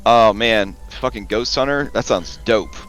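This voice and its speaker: A man narrating as game master in a relaxed, hesitant way with many pauses and ums. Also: fairly low pitch, soft background music.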